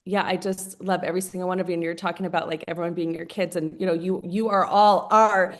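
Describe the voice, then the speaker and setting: Talking fast in a fairly low, steady voice, a sales business's team leader gushes through a group video call. Her chatty delivery is full of fillers and restarts.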